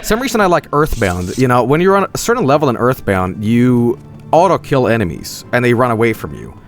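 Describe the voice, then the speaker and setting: A man's voice: mid-range voice, sing-song, brisk, soft background music. A man giving casual, rambling gameplay commentary as a streamer, swearing and laughing often.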